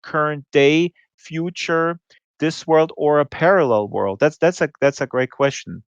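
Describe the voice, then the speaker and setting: A man's voice: fairly high pitch, clean tone, dry recording. Guy hosting a chat, keeps restarting his sentences, muffled lo-fi mic with no room sound. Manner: halting, stop-start phrasing. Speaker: host. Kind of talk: casual interview.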